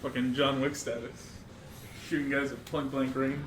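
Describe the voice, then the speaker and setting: A man's voice: mid-range voice, little pitch movement, normal speed. A man playing in a tabletop game, joking along in a playful way. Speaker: player. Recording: echoey room with faint noise.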